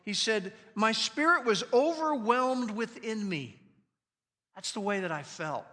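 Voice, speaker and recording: A man preaching a sermon as pastor, speaking emphatically with slow, deliberate stresses on quoted scripture. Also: high voice, expressive, pushed and bright. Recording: long reverb of a large hall.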